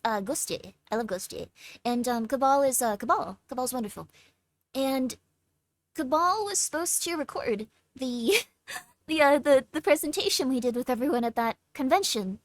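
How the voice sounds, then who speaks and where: Tired young woman streamer, slightly high voice, chatty and halting, dry close mic. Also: dry recording. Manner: chatty, reads chat aloud, stumbles over words. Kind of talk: casual livestream chat.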